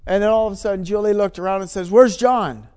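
A man's voice: sits high, little pitch movement, racing, mellow, clear, resonant tone. A middle-aged man preaching, telling a personal story with emphatic, repeated phrases. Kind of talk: sermon testimony.

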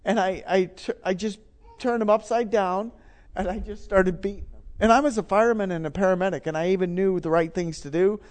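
A middle-aged man with a rather high voice preaches in an emphatic, storytelling way. He drives his points home by repeating himself. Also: fairly even intonation, fairly quick, darkish tone. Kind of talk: sermon testimony.

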